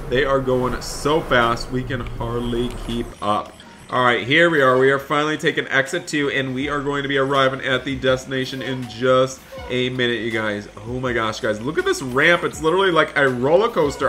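A man's voice: mid-range voice, sharp tone, a little hiss or hum. A young man giving chatty, upbeat commentary while role-playing a school bus driver in a video game. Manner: upbeat, chatty, keeps addressing viewers as "you guys". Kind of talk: Roblox roleplay commentary.

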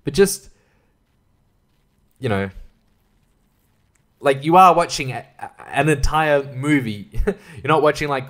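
A man runs a solo podcast in a loose, rambling rant. He swears often and trails off into asides. His pitch is ordinary for a man. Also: fairly bright tone. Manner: profane, rambling, laughs at his own jokes. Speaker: podcast host.

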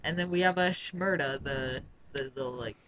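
A man's voice: medium pitch, normal speed, bright, forceful tone, slight background noise, poor audio. A man co-hosting a let's play, chatting casually and laughing often as he comments on the game. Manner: giggly, rambling, jokey.

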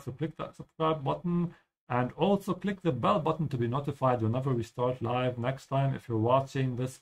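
A man hosting a live-streamed lesson, explaining German pronunciation slowly and switching between English and German. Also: mid-range voice. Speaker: language teacher and stream host.

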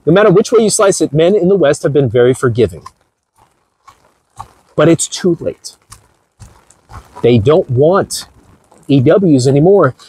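A man's voice: on the high side, lively intonation, measured pace, pauses often, dark tone, breathy edge, low-quality recording. A man giving an emphatic, lecturing monologue to his viewers, recorded outdoors by the beach. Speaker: vlogger giving dating advice. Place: outdoors by the beach in heavy rain.

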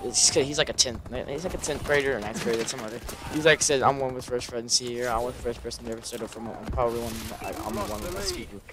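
Very fast and barely pausing, a young gaming YouTuber keeps a steady, medium-pitched tone as he rambles over gameplay amid very loud video game gunfire. He's subdued, casual, swears constantly, and fills his speech with fillers.

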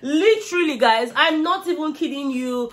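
A young Nigerian woman with a slightly high voice tells a story in a chatty vlog. She speaks in an animated way and keeps turning to her viewers as if they are friends. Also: normal speed, slight background noise. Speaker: reality show recap vlogger. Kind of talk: casual gossip recap.

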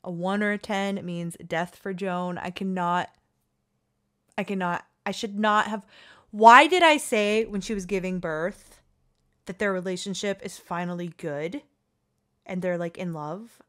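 Excitable woman narrating her gameplay. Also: mid-range voice, unhurried. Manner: excitable and chatty, pleading with the dice, cooing at characters. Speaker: gaming channel host. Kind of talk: casual let's-play commentary.

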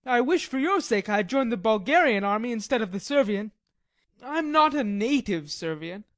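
A woman's voice: on the high side, animated, moderate pace, no echo, lightly acted. A woman reading the part of a weary, hungry male Swiss mercenary soldier in an audiobook drama, nervy, wry and polite.

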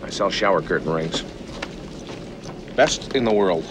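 An actor playing a friendly, talkative traveling salesman giving a smooth sales patter. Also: low voice, unhurried, noisy background. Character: chatty, eager male traveling salesman. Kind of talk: comic film sales pitch. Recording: film audio with music bed.

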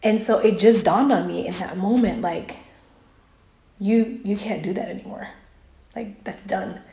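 A woman's voice: mid-range voice, a little slow, warm tone. A woman vlogger chatting earnestly, telling a personal story in a casual, faith-filled way. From United States. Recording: roomy echo.

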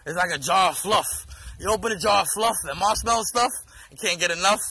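A man's voice: high voice, brisk, bright, forceful tone, slight background noise, poor audio. A man ranting loosely and crudely to the camera, jumping from one topic to the next, recorded outdoors in the woods. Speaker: vlogger. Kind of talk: rambling comedic rant.

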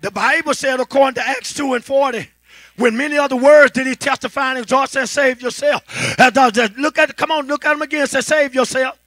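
A pastor preaching a fervent sermon, calling to the congregation and building to a shout. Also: male voice, extremely high pitch, fairly even intonation, fast talker, no echo.

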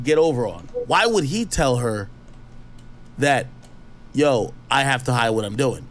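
A man's voice: medium pitch, a little hiss or hum. A man reading news reports aloud and breaking off into casual, skeptical, slangy commentary. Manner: chatty, skeptical, slangy asides. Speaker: online commentator.

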